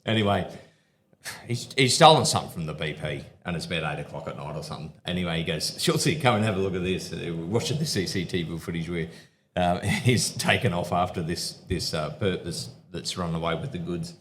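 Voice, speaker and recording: Cop co-host, very low voice, faint noise. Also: male voice, fairly bright tone. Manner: halting, rambling with fillers. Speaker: podcast co-host, police officer. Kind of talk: storytelling at a live show.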